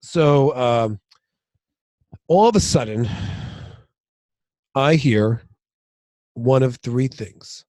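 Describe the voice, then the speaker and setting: Drawing out his words and pausing often, this middle-aged man has a mid-range, slightly mellow voice, recorded without echo. As a podcast co-host in casual conversation, he meanders through family tales and performs the quotes of relatives.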